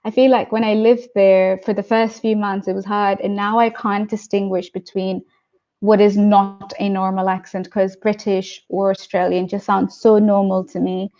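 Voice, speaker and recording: A woman's voice: medium pitch, flat delivery, normal speed, mellow, lo-fi sound. A woman guest in a casual interview, chatty, laughing often and acting out what people said. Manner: chatty, laughs often, acts out quoted voices.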